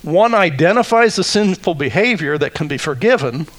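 A male pastor preaching a sermon, deliberate and emphatic, with wry asides. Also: fairly high pitch, lively intonation, fairly bright tone.

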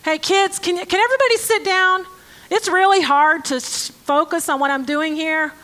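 A woman preaching a conversational sermon to a live congregation with children present. She reads scripture slowly and deliberately, then breaks in with joking, sarcastic asides. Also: very high-pitched, fairly even intonation, fairly bright tone. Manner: slow, deliberate scripture reading. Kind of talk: conversational sermon with Bible reading.

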